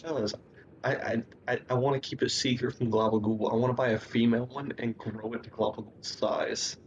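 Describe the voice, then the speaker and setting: A man's voice: mid-range voice, level tone, fairly quick, dull audio, a little hiss or hum. A man playing a tabletop game, goofy and stumbling over his words. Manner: goofy, stammering restarts. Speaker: player. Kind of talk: casual tabletop game chat.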